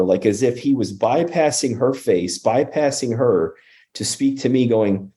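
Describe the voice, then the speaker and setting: A man's voice: mid-range voice, moderate pace, warm tone. A man telling a personal story as a podcast guest, earnest, with frequent restarts and acted-out quotes. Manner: earnest, restarts often, acts out quoted speech. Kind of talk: conversational storytelling.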